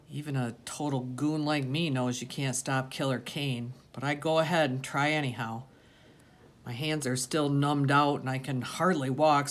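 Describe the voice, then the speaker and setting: A woman narrating a first-person audiobook in a steady, intense way. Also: extremely low pitch.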